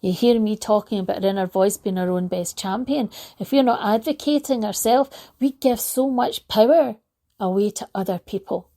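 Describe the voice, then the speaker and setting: Gravelly-voiced woman telling a story. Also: medium pitch, moderate pace. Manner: warm anecdotal storytelling, laughs lightly. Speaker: motivational speaker. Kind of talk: reflective talk with storytelling.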